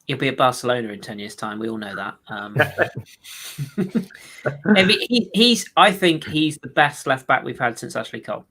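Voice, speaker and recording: Man, bright forceful voice, emphatic casual football chat, podcast co-host. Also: medium pitch, lively intonation, normal speed. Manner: chatty, emphatic, repeats himself.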